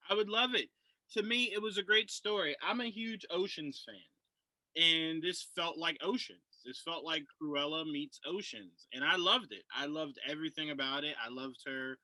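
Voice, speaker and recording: A man's voice: a little high, moderate pace, sharp tone, no echo, low-quality recording. A man co-hosting a casual podcast film review, enthusiastic and repeating himself as he talks.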